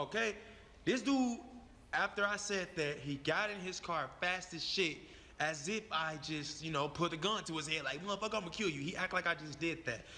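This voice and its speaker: A man's voice: on the high side, pushed and bright, long reverb tail. A man telling a personal story in a profane, emphatic way, repeating his phrases for effect. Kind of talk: animated storytelling.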